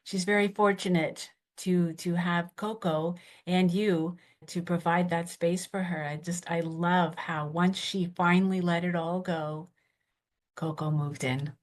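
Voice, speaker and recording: A woman's voice: on the low side, steady tone, measured pace. A woman moderating a panel, thanking speakers appreciatively and inviting the next one to share.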